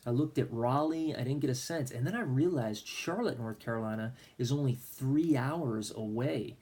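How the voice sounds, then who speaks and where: A middle-aged minister speaks in a mid-range voice at a moderate pace, his tone darkish with a breathy edge. In this faith testimony vlog, he earnestly tells a personal story and acts out his own prayers.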